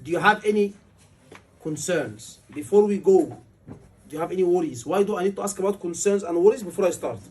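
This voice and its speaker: A man's voice: sits high, fairly quick, a little mellow, distant mic, a little hiss or hum. A man, tutoring a class for a medical exam, emphatic and repeating key words over and over. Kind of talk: classroom lecture.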